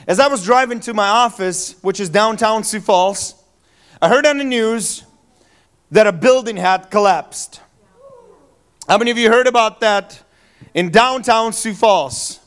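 A male pastor giving a Christmas Eve sermon in a church, telling stories in a relaxed, joking, conversational way with fillers. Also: sits high, clear, resonant tone. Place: church sanctuary.

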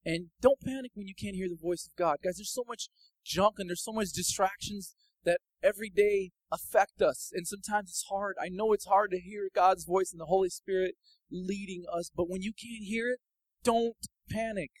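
A man giving a casual, personal sermon testimony that builds into fervent, loud preaching. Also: high voice, steady tone, moderate pace, dry recording, rough recording.

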